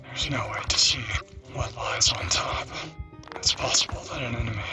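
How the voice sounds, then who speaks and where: A man doing whispered narration of a tense story in a hushed, dramatic way. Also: medium pitch, fairly even intonation, normal speed, creaky, distant mic, over loud music. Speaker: podcast narrator.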